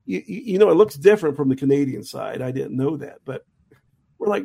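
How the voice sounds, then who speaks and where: Gravelly middle-aged man telling road stories. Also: a little high, lively intonation, a little fast, warm tone. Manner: rambling, anecdotal, with frequent restarts. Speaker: touring jazz musician and college teacher, guest. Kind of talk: casual storytelling in a conversation.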